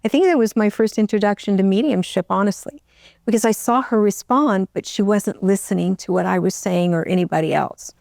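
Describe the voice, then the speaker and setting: Gravelly woman telling a story, near tears. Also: mid-range voice, a little mellow, no room sound, clean studio sound. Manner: emotional, halting, with many restarts. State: close to tears. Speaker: interview guest. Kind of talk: personal storytelling.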